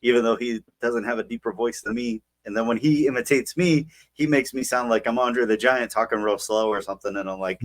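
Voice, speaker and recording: A man's voice: medium pitch, fairly quick, hardly any pauses. A young man co-hosting a podcast, telling a long story in casual chat full of fillers. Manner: rambling, filler-heavy storytelling. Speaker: podcast co-host.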